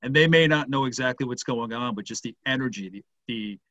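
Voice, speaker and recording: A man's voice: mid-range voice, a little fast, fairly bright tone. A male host reflecting aloud in a casual interview, often searching for words.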